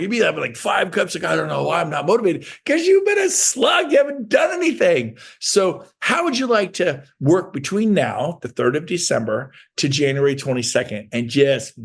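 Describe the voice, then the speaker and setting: Middle-aged man, gravelly, emphatic motivational speaker with loud peaks. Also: a little high. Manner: animated, emphatic, swings to shouted bursts. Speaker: motivational speaker for real estate agents. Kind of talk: energetic motivational talk.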